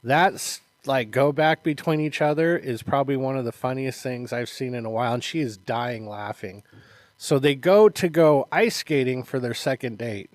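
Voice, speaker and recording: A man's voice: mid-range voice, normal speed, no echo. A man co-hosting a casual podcast, telling stories animatedly, acting out quotes and laughing often. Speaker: podcast co-host, martial arts instructor. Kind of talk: casual chat.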